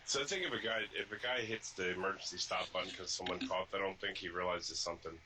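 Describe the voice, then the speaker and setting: A man who drives trucks, a regular on a casual podcast, working through a point out loud in a deliberate way. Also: deep voice, noisy background.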